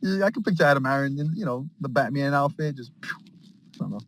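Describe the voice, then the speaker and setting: Man, casual call chat, excited, slangy, rambling storyteller. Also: medium pitch, fast talker, slight background noise. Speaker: space call participant.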